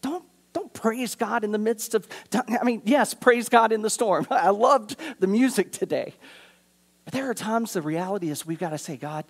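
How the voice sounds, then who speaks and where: A man pastor preaching a sermon in a church, earnest, moving from urgent appeals to hushed, quiet passages. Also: sits high, moderate pace. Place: church sanctuary.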